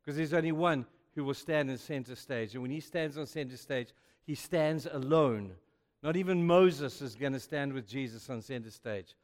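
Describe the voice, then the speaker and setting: Emphatic preacher man in echoey hall. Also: medium pitch. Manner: emphatic and chatty, keeps saying "you know". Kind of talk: youth sermon.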